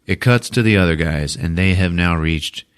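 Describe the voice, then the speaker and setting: A man's voice: low voice, moderate pace, smooth. A man hosting a podcast, retelling a film in a casual, profane way and laughing often, recorded on a podcast microphone. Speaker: podcast host. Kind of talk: comic film recap.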